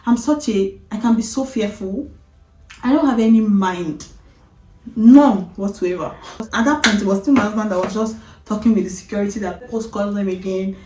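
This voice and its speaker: Woman telling a story, mellow voice. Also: mid-range voice, normal speed, roomy sound, far from the mic, rough recording. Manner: animated retelling, breaks into laughter. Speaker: vlogger. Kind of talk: storytime vlog, casual storytelling.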